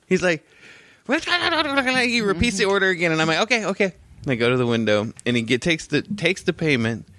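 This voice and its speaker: A man's voice: a little high, animated, fairly quick, sharp tone, no echo. A man in his forties co-hosting a casual podcast, telling stories animatedly, swearing freely and acting out quotes. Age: 40s. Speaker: podcast co-host. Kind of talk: casual chat.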